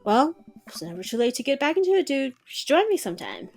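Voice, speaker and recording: A woman's voice: sits high, sing-song, quick pace, faint music behind, pitched above the performer's own voice. Craig, a woman reading a chill jock dad. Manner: easygoing surfer-bro drawl. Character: upbeat young-dad jock, laid-back bro.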